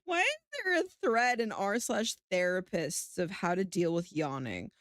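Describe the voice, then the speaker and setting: A woman's voice: mid-range voice, very animated, measured pace, no room sound, clean studio sound. A sleepy woman streaming from home, chatting casually, swearing freely and laughing often. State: sleepy, yawning. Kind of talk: casual chat.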